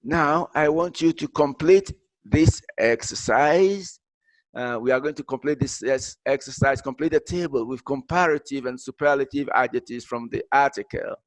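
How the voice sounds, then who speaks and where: In his grammar lesson, a mid-range-voiced man mixes Arabic into his English explanations, stumbling, repeating himself, and leaning on fillers. The recording has no echo.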